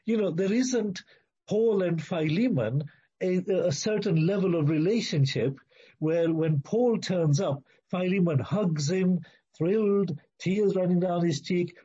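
A man's voice: high voice, lively intonation, a little slow, warm tone, breathy edge. A man preaching an expository sermon, emphatic and repetitive, acting out the quoted speech. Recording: muffled lo-fi recording.

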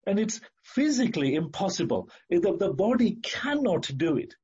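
A man preaching a sermon in an earnest, emphatic way, repeating key phrases and slowing down to stress words. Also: high-pitched, very animated, darkish tone, breathy edge, dull audio.

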